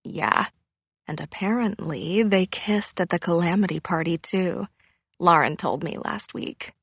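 A woman voicing a weary teenage girl who talks in a low-key, flat, matter-of-fact way. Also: unhurried, breathy edge, no room sound, exaggerated voice. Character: weary teenage girl, grieving but dry.

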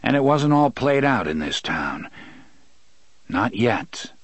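This is scripted audiobook narration by a man with a mid-range, slightly rough voice. He tells the story in a measured, even way, and the recording has no room sound.

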